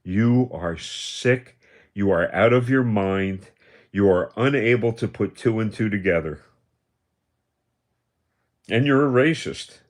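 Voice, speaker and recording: A man in his seventies hosts a livestream and delivers a confrontational rant full of taunts, accusations and repetition. His voice is fairly low and animated, and he speaks slowly with long pauses.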